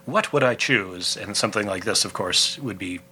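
Bright-voiced man chatting. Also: on the low side, normal speed, slight background noise. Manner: laughs often, rambling asides. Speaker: podcast co-host. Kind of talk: casual chat.

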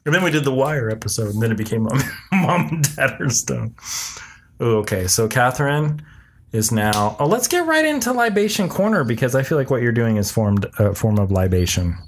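A man in his thirties or forties co-hosting a casual podcast with his wife, a relaxed storyteller who acts out what he said. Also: mid-range voice, normal speed, slight background noise. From Colorado, USA. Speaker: podcast co-host. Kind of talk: casual chat.

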